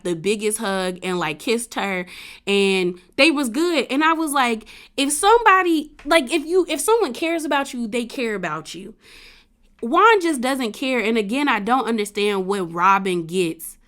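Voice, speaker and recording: A woman vlogger recaps a reality TV episode in a relaxed, conversational voice that sits at an ordinary mid pitch. She talks in a slangy way and tells the story with lots of animation. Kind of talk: casual recap commentary.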